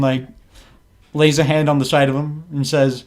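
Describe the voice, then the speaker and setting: A man narrating as game master of a tabletop game, halting and full of restarts. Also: fairly high pitch, level tone, slight background noise. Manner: halting, many fillers and restarts.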